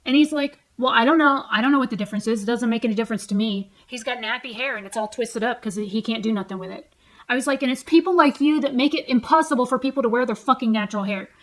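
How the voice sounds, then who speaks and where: Woman in her forties, a little high-voiced, venting blunt and sweary to camera from home. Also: quick pace, poor audio. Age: 40s. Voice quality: heavy swearing, blunt and heated. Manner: retells arguments with quoted back-and-forth. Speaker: vlogger. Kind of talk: angry personal rant. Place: home, sitting on a tall stool.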